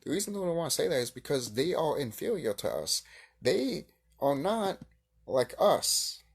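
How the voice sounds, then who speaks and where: Man reacting on his channel, husky tone, lively pitch, profane heated rant. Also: normal speed. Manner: heated, profane, swings between shouting and hushed musing. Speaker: video creator reacting to a clip. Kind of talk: ranting reaction commentary.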